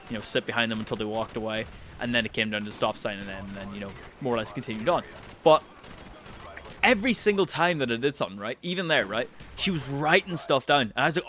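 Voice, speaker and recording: A young man tells a story to camera in casual commentary. He talks in an animated way, swears freely and jumps high in pitch when he gets excited. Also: a little hiss or hum. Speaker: channel host.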